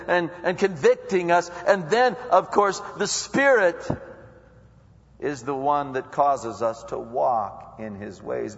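A man preaches a sermon in a relaxed, conversational way, acting out his own prayers and inner back-and-forth. His voice sits a little high for a man. The sound is slightly dull and rings with a long hall echo. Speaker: pastor.

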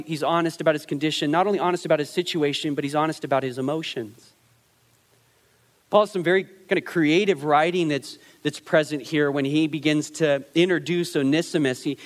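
Heard in a large hall, a pastor with a higher voice gives a conversational, animated sermon. He performs quotes in changing voices, often restarting and repeating words.

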